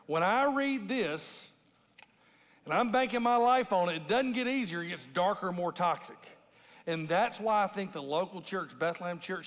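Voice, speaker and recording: A man's voice: high-pitched, fairly bright tone. A man, a lead pastor, preaching a sermon in a conversational way, often asking "right?" and acting out scripture in a raised voice. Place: large church auditorium with a congregation. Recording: long hall reverb from a large room.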